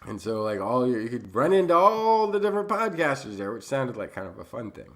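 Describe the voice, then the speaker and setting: A man's voice: mid-range voice, sing-song, brisk. A man co-hosting a science podcast from home, rambling and searching for words in casual chat. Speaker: podcast co-host.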